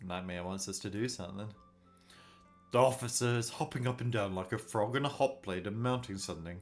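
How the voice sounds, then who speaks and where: A man hosting a let's play, musing aloud and reading game text in a low-key way. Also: fairly quick, faint music behind. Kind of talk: casual game playthrough commentary.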